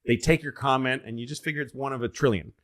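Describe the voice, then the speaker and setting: A man's voice: mid-range voice, fast talker. A middle-aged man from Massachusetts telling stories in casual podcast chat, acting out the voices of the people he quotes. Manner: animated storyteller, acts out quoted voices.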